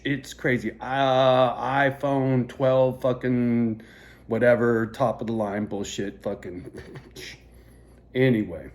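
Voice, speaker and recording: A man vlogging into a phone camera, telling a rambling story in a heavily profane, animated rant. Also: mid-range voice, slow pace.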